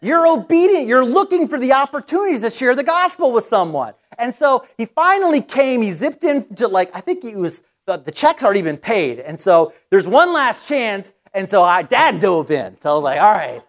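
A middle-aged male pastor speaks with a very high voice as he preaches. His delivery is lively and casual, and he restarts quickly while telling a personal anecdote.

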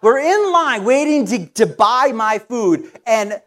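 A very high voice marks this middle-aged pastor, who preaches in a brisk, conversational tone, telling a personal story full of quick restarts.

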